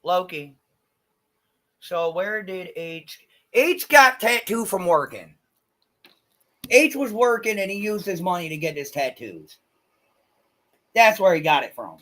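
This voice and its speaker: A man streaming live, chatting casually with viewers in a blunt, crude and excitable way. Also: sits high, slow, pauses often. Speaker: livestreamer. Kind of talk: casual livestream chat.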